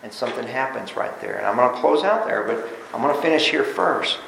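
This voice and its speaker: A man preaching a sermon in a church, animated, swinging between loud bursts and quiet asides and often repeating words as he restarts. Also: medium pitch, fairly quick, gravelly, a little hiss or hum. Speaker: pastor. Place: church sanctuary. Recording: roomy echo.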